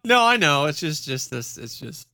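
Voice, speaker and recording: A man co-hosting a podcast, chatting in a relaxed way and laughing easily. His voice is bright and tense, smooth and crisp. It was recorded close, with a dry sound. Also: a little high, normal speed, no room sound. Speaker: podcast co-host. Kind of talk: casual chat.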